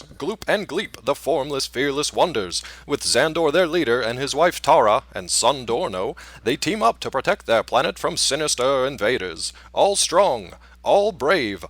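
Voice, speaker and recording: A man's voice: a little high, fairly bright tone, no room sound, pitched above the performer's own voice, exaggerated voice. A man voicing an old-timey male newscaster who reads a cartoon intro in a grand announcer style.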